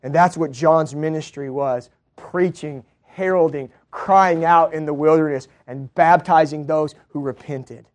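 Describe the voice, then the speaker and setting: Guy preaching a sermon, high voice, goes from low and quiet to loud and fired up. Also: steady tone, unhurried, few pauses. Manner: builds from low, quiet teaching to loud, high-pitched proclaiming.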